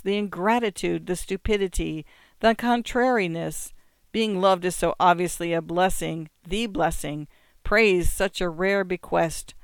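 A narrator reading a literary story in a measured, reflective way. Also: medium pitch, smooth, dry recording, clean studio sound. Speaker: audiobook narrator.

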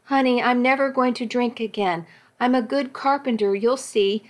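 A remorseful young husband mumbles apologies and pleads through tears, voiced by a woman reading the story. His voice sits a little high and hushed, a figure from a spoken story. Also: normal speed, lightly acted. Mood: pleading.

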